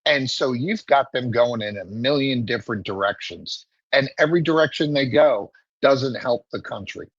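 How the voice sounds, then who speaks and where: A man giving political commentary as a guest, emphatic and opinionated, talking in steady runs. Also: medium pitch, moderate pace, hardly any pauses, husky, no echo, muffled recording. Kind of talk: political talk show commentary.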